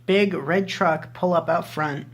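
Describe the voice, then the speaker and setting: A man's voice: on the high side, a little slow. A young man vlogger telling a story casually, rambling with lots of fillers and swearing freely.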